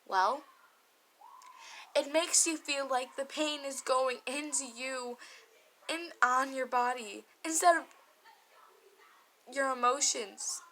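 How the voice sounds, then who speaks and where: Woman vlogger, bright and sharp tone, candid and emotional storytelling with frequent swearing. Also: sits high, slow pace, long pauses, a little hiss or hum, rough recording. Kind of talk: confessional storytime vlog.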